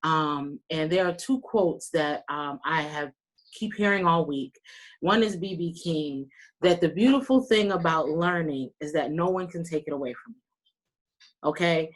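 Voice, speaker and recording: On a video call, a talkative and earnest woman offers folksy closing remarks as a panelist at a round-table virtual meeting. Her voice is low and a little slow.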